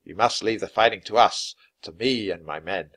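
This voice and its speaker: A man's voice: on the low side, moderate pace, fairly bright tone. A man reading aloud as a grave, commanding general in a children's storybook, speaking in a solemn, declaiming way.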